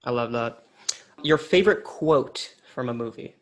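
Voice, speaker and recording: A man's voice: medium pitch, measured pace. Playful, enthusiastic male interview host. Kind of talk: casual interview chat.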